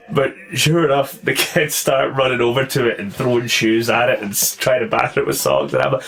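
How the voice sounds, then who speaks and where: A man hosting a casual podcast, telling a story in an animated way, swearing freely and laughing as he goes. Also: medium pitch, moderate pace. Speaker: podcast host and karate instructor.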